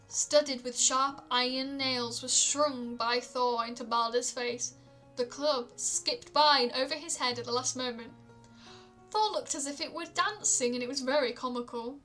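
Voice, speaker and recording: Woman reading myths on stream, bright high voice, calm, stumbles a bit. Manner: calm, with small stumbles and restarts. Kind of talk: storytelling read-aloud.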